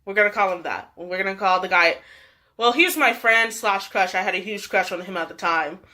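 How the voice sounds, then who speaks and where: A woman's voice: mid-range voice, fairly quick, bright, forceful tone. A young woman vlogger telling a story in a chatty way, full of "like" and laughs. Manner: chatty, many fillers and laughs. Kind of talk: storytime vlog chat.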